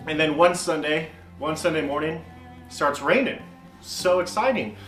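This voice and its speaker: An animated young man preaches to youth in a casual, storytelling way, with his voice sitting a bit high. He keeps saying "man" and "like" as he talks. The room around him echoes, and soft music plays underneath. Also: measured pace. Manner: animated, acts out quoted voices, frequent "man" and "like". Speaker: youth pastor.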